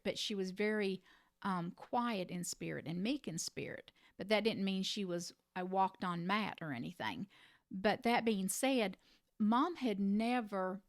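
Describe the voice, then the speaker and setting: A middle-aged woman who cared for a parent, telling a personal story to the camera in an earnest, reflective way with gentle emphasis. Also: medium pitch, dry recording, clean studio sound. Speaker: family caregiver sharing advice.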